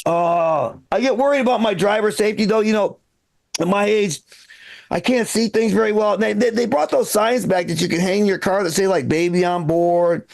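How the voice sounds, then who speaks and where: An older man doing a stand-up set in a rambling, self-deprecating way, often restarting his lines. His voice is gravelly with plenty of fry and sits high for a man. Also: a little fast. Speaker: stand-up comedian.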